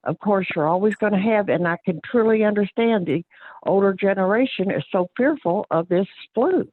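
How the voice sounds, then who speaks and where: A woman's voice: medium pitch, normal speed, no room sound. A woman, a county clerk giving plain-spoken, earnest remarks at a public board meeting, with frequent fillers and restarts. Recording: tinny phone-line audio, dry.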